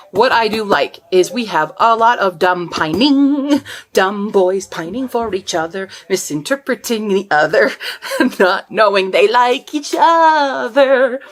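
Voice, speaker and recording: A woman's voice: lowish voice, fairly bright tone. A woman vlogger talking casually about her sewing project and the book she is reading. She rambles, often trailing off and starting over. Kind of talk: casual vlog chat.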